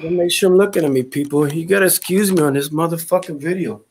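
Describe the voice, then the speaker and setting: A man's voice: fairly high pitch, fast, roomy sound. A man hosting a casual online chat, ranting with constant swearing, out of breath and sick. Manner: profane, ranting. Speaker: host.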